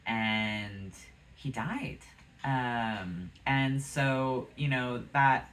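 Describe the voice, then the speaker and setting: Casting note: offhand, blunt queen, animated pitch, voiced by a vlogger. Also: slight background noise. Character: dismissive ancient queen, casual and blunt.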